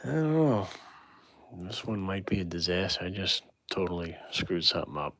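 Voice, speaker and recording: A man's voice: deep voice, fairly even intonation, fairly quick, sharp tone. A man hosting a painting livestream, chatting casually with viewers and musing self-critically about his work.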